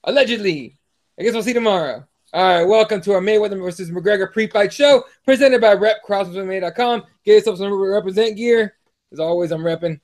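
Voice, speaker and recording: A man's voice: sits high, a little fast, a little mellow. A man hosting a live podcast-style fight show, talking loosely, swearing and stumbling over his words. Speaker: podcast host. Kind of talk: casual live show chat.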